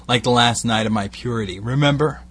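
A man's voice: medium pitch, fairly quick, a bit bright, breathy edge. A man voicing a playful, defiant young lover. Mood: teasing.

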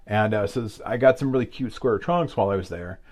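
A man's voice: fairly low pitch, fast, a little mellow. A man shares stories on a casual podcast. His talk rambles and circles back with plenty of fillers and asides, candid and easy, with laughter breaking in. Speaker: podcast co-host. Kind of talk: casual storytelling chat.

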